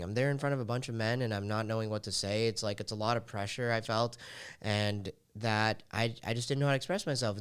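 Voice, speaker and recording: A man's voice: on the low side, fairly bright tone, clean tone. A man hosting a podcast, telling a personal story in a candid, emotional way and leaning heavily on "like" fillers. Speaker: podcast host.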